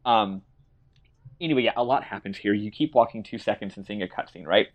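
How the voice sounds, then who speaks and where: A man's voice: fairly low pitch, a little fast, muffled recording. A man casually recapping a video game as a podcast co-host, rambling and joking.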